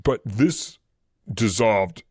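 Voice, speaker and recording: Very slow and husky, his lowish voice carries a Boston accent as he co-hosts a history podcast. He explains events in a rambling, casual way full of fillers and restarts, livening up when quoting. The studio-quality recording has no echo.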